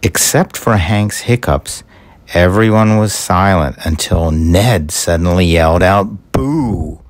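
Slow, deep-voiced male storyteller. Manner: slow, measured, gentle narration. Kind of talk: storybook reading aloud.

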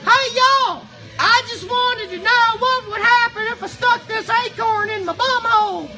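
A twangy, drawling yokel, as a man puts him on, greeting folks in a sing-song lilt. The voice sits very high and bright, with faint music behind. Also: a little slow, heavily acted, rough recording. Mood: goofy.

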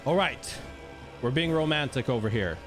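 A man streamer giving excitable live gameplay commentary to his chat, swinging between hushed talk and shouting. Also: mid-range voice, normal speed, soft background music.

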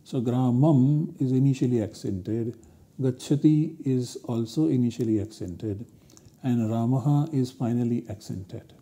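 A man's voice: medium pitch, unhurried, mellow. A man giving a university lecture, explaining step by step in a methodical way.

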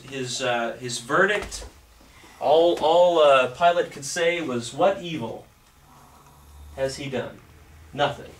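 A male pastor preaching a sermon and reading scripture aloud, often halting and repeating words. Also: mid-range voice, a little hiss or hum. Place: church sanctuary. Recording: echoey church from a distance.

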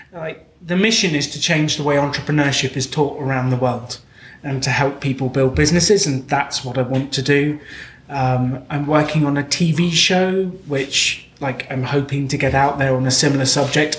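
A man's voice: on the high side, slight background noise. A man with a British accent telling candid, self-deprecating stories as a guest speaker at a live Q&A. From Britain. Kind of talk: live Q&A storytelling. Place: event hall with audience. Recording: echoey live venue.

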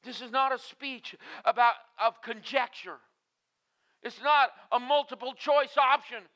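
Emphatic high-voiced male preacher. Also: unhurried, pushed and bright. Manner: emphatic, with frequent "uh" fillers. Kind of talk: sermon.

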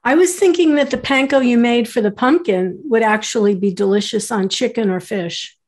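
Woman host on a video call, higher pitch, upbeat, passes along viewer questions. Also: normal speed, darkish tone.

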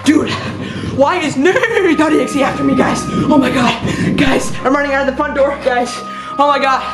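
A woman's voice: high voice, fairly even intonation, normal speed, loud music behind the voice. A woman YouTuber hosting a comedic horror-challenge vlog, shrieking and laughing in exaggerated mock terror. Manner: mock-terrified, melodramatic, yelling and cackling.

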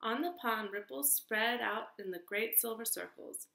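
Woman reading a storybook aloud, gravelly edge. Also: on the high side, unhurried. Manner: expressive, sing-song storybook reading. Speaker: teacher. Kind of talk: reading a picture book aloud to children. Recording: echoey room.

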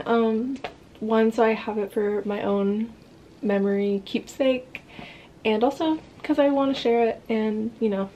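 Slow-talking chatty young woman vlogger. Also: medium pitch, dark tone, lo-fi sound, a little hiss or hum. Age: young adult. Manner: chatty, giggly, swears casually. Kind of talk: casual travel vlog chat.

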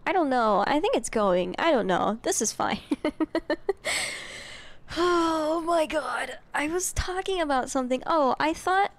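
A woman's voice: sits high, expressive, unhurried, vocal fry. A young adult woman streaming a game, giggling often, reading game text aloud and chatting with her viewers in a scattered, playful way. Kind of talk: casual game commentary.

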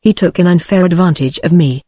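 A woman's voice: lowish voice, brisk, mellow, no room sound, studio quality, natural voice. A synthetic British-accented female voice reading the lines of a panicky, whining old sailor, with no change from its narrating voice. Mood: wailing. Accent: British English.

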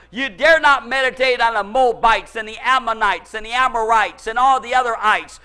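High, bright-voiced fervent preacher man. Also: moderate pace, few pauses, clean tone. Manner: fervent preaching with sudden shouted praise. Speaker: pastor. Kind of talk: sermon. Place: church service.

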